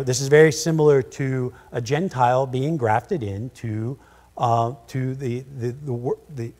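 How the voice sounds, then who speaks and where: A man's voice: medium pitch, a little mellow. Man teaching a sermon in a reverberant hall. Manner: conversational, many restarts, paraphrasing scripture. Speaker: pastor or Bible teacher. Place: church sanctuary. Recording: church hall with long reverb.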